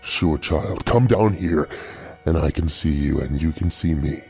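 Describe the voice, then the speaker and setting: A man voicing a serpentine monster under a bed, coaxing slowly and menacingly in a deep, low growl. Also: dark tone. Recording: faint music underneath.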